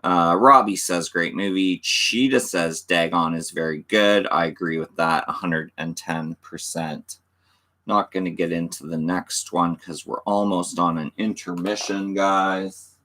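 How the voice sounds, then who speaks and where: A man's voice: deep voice, a little slow, sharp tone. A middle-aged man hosting a casual livestream, reading viewer comments aloud and joking like an auctioneer. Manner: reads chat aloud, mock auctioneer banter. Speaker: livestream host.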